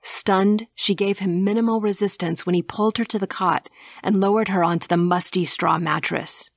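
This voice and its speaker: Woman reading an audiobook, slow and measured, dry close sound, gravelly low tone. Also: no room sound. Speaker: audiobook narrator. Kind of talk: scripted narration.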